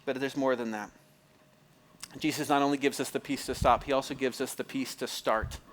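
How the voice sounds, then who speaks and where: A man's voice: medium pitch, fairly even intonation, normal speed, a little hiss or hum. A man preaching a sermon as pastor, in a conversational way, often repeating phrases, restarting and checking in with the listeners. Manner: conversational, repeats phrases, asks the audience if it makes sense; restarts and stumbles often, fills with "like".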